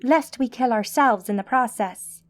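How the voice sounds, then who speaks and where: A woman narrator voicing a calm, formal, centuries-old female mage, in an audiobook. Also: on the high side, a little slow, close to an everyday voice. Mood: composed.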